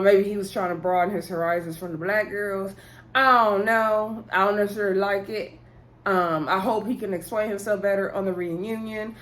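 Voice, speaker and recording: A woman speaking, chatting casually as she recaps a reality show and reenacts what the cast said. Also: medium pitch. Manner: chatty, animated retelling with quoted voices and laughs.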